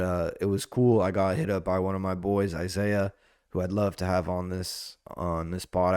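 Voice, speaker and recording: A young man with a very low voice talks alone into a podcast mic, rambling and profane, dropping "dude" every few words. The sound is close and dry, with no room around it. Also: a little mellow, smooth, no echo. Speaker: podcast host. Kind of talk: solo casual podcast monologue. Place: indoor podcast setup under lights.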